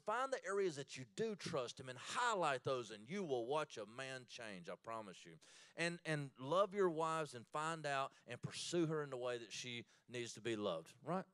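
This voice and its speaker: A man leading a church marriage class, animated and joking, laughing often as he talks. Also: a little high, normal speed, smooth, dry recording, clean studio sound.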